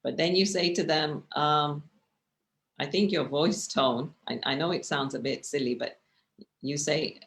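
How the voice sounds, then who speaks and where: This communication instructor speaks a little slowly, her voice sitting low. She's lecturing online with slides over a video call, talking in a casual, conversational way and repeatedly checking on her listeners.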